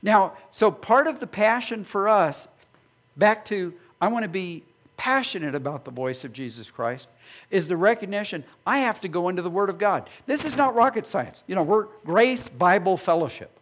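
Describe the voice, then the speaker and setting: A male pastor preaching a sermon, animated and acting out imagined voices of his listeners. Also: sits high, moderate pace.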